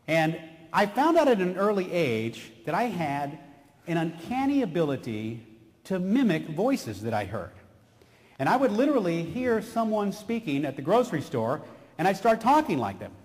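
At a motivational keynote, a middle-aged man from San Antonio, Texas, tells stories and slips into character voices with animation. His high voice swings widely and rings out through a stage mic in a large hall with long reverb.

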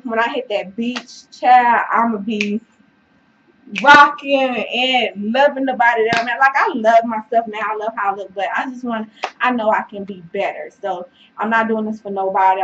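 A woman's voice: on the high side, a bit bright. A woman giving a casual, encouraging fitness vlog to camera, chatty and full of fillers, sometimes out of breath. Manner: chatty and encouraging, many fillers, says y'all and child. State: out of breath at times. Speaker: fitness vlogger. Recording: dull, faint noise, mic away from speaker.

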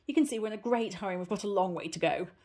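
Detty, a woman doing a brisk, snappy aunt. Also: medium pitch, warm tone, voice pushed up, natural voice. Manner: snappy, firm and coaxing. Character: brisk, impatient aunt hurrying a child along.

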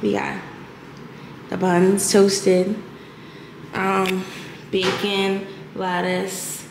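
A woman's voice: medium pitch, monotone, very slow, vocal fry, roomy sound, background noise. A woman hosting a casual home vlog, chatty and playful with lots of exclamations, in her kitchen. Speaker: lifestyle vlogger.

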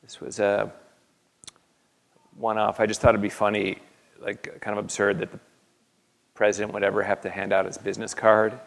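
A man, an artist, talking an audience through his slides in a halting way, with many fillers and restarts. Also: lowish voice, completely flat delivery, gravelly. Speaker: artist giving a lecture. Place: university lecture hall. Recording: long reverb of a lecture hall.

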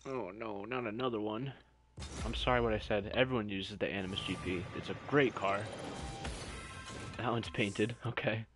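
A man's voice: on the low side, steady tone, normal speed, over music. A young man doing live stream commentary, chatting directly to his viewers.

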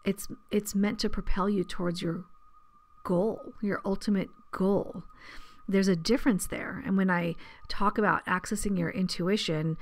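A woman hosting her own podcast as a medium, talking casually and chattily, laughing often and dropping into soft asides. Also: fairly low pitch. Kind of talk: casual solo podcast talk.

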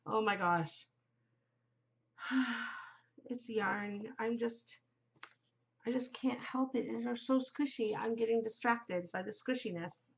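A woman's voice: a little high, slow pace, creaky, long pauses. Giggly chatty woman, muffled home recording. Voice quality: giggly, easily distracted. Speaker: podcast host. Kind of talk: casual chat to camera.

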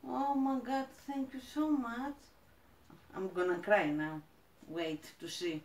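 A woman from Greece with a Greek accent, chatting as she unboxes plants, gushing and halting with fillers. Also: on the high side, fairly even intonation, reverberant. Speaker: plant vlogger. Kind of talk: casual unboxing chat.

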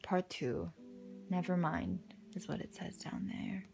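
A young woman casually commenting as she unboxes a photobook, gushing and excitable, with soft muttered asides between her exclamations. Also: fairly low pitch, a little slow, vocal fry, in a whisper, music in the background. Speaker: unboxing vlogger.

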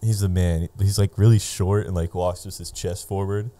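A man's voice: low voice, fairly even intonation, moderate pace, warm tone. A young adult man telling a loose, profane story on a casual podcast as a guest comedian. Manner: loose, profane, lots of fillers.

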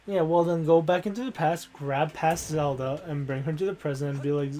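Give me a crude joking young man, a bit high-voiced. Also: fairly even intonation, fairly quick, few pauses, dark tone. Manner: crude, joking anecdotes full of swearing. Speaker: co-host of a gaming show. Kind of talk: casual let's-play banter. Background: faint game music.

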